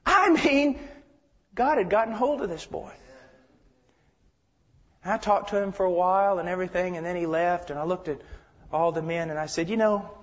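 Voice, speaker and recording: Impassioned high-voiced preacher in a hall. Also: male voice, moderate pace, long pauses. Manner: impassioned, swinging from shouts to hushed tones. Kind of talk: sermon. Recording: dull lo-fi sound with long hall reverb.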